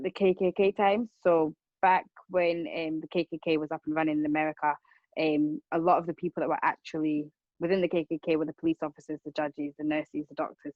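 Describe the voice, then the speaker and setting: A woman's voice: low voice, no room sound, highs cut off. A young woman, telling of her own experiences in an earnest, casual way, repeating words and circling back as she talks. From Rwanda. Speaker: speaker on racism. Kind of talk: personal account, casual talk.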